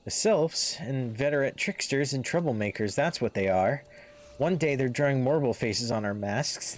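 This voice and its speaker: A man's voice: mid-range voice, lightly acted. A man putting on a rambling, forgetful old-timey villager. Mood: chatty. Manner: wavering, wobbly drawl he calls a drunk Yoda. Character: rambling forgetful male forest villager, folksy. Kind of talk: reading game dialogue aloud in character. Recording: faint music underneath.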